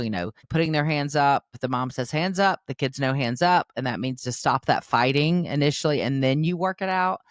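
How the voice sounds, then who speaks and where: An older woman hosts a parenting podcast, her voice a rumbling low in a dry, clean studio recording. She gives earnest, warmly instructive advice conversationally and acts out the voices she quotes.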